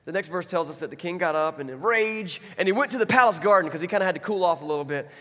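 A man preaching a sermon, retelling a story with lively asides and acting out its characters. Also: high-pitched, in a large hall. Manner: animated, acts out characters in quick asides. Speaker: pastor.

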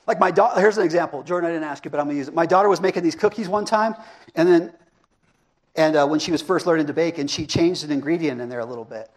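A middle-aged man with a notably high voice gives a sermon. He preaches in a relaxed, conversational way, often stopping to ask the congregation questions and pick up their answers. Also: fast talker. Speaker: pastor. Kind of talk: interactive sermon.

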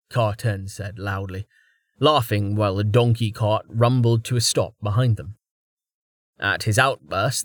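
Here an audiobook narrator, a man with a lowish voice, tells a fantasy novel in an even, measured way. The sound is dry and clean, as from a studio.

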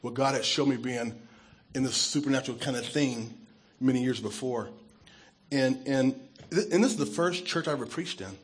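A pastor sharing his testimony in an earnest, emotional sermon. His voice is very husky and raspy, sitting at an ordinary male pitch. He drops to a soft hush when he is moved. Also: moderate pace.

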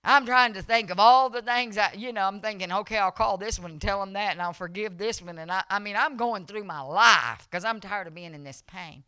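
Lady preaching revival, bright clear voice, dry sound, goes soft then loud. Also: mid-range voice, brisk, few pauses, dry recording. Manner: emotional, swings from soft storytelling to loud preaching. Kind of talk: sermon with personal testimony.

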